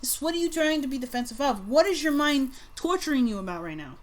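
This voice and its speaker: A woman giving a casual tarot reading to her viewers. She speaks bluntly, swears freely, and swings between soft musing and loud outbursts. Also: high-pitched, lively intonation, quick pace. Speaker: tarot reader.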